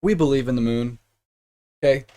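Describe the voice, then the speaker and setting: Young guy hosting a chill podcast, rambly and jokey, swears a lot, middle-pitched voice. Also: normal speed, noisy background. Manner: rambling, joking, swears freely, does put-on voices. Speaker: podcast host. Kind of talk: casual podcast chat.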